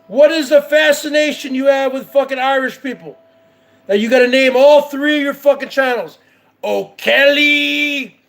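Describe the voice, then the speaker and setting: A man hosting his own show, ranting in heated, profane, repetitive commentary. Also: very high-pitched. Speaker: show host.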